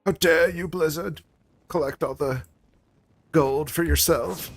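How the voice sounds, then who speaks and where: Scolding teenage girl activist, as a man puts her on, shrill, high, indignant. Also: slow, vocal fry, soft background music, full character voice.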